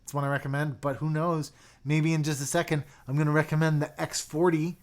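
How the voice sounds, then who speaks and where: A young man hosting a casual livestream, chatty and excitable, reading viewer comments and dropping into mumbled asides. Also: a little high, a little fast. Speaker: livestream host reviewing keyboards.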